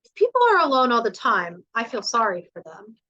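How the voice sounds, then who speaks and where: A woman's voice: a little high, sing-song, brisk, sharp tone, highs cut off, exaggerated voice. A woman voicing a blunt, curious young girl who keeps firing insistent, exasperated questions.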